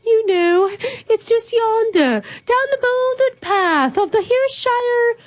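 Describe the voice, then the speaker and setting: A woman's voice: extremely high pitch, lively intonation, pitched above the performer's own voice, heavily acted. A woman putting on a pompous fake-posh English lady. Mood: posh, affected. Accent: put-on English. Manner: affected, drawn-out, giggly. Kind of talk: radio prank call.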